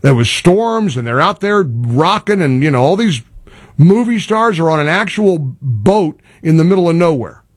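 A man's voice: fairly high pitch, lively intonation, normal speed, breathy edge. A man hosting a talk radio show, ranting in an exasperated, opinionated monologue.

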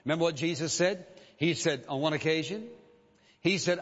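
A man preaching a sermon with emphasis, repeating key phrases and slowing down for quoted verses. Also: on the high side. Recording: dull lo-fi audio with long reverb.

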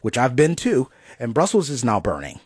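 Man, husky, indignant, emphatic, casual political chat, dry close sound. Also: mid-range voice, huge pitch swings, normal speed, dry recording.

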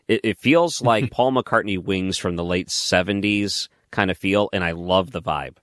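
A man's voice: low voice, moderate pace, fairly bright tone, no room sound, studio quality. A man hosting a late-night radio talk show, asking long, thoughtful questions of his guest.

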